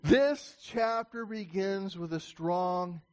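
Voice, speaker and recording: A pastor with a strikingly high voice preaches an emphatic sermon, stumbling through quick restarts before driving his points home. Now and then he raises his voice to call out to the congregation.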